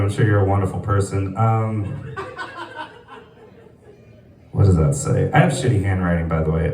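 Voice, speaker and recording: A man's voice: fairly low pitch, a little mellow. A man doing a live stand-up set in a small venue, rambling with lots of fillers and laughing at his own jokes. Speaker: stand-up comedian. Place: small comedy venue, sparse audience. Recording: echoey room, mic from a distance.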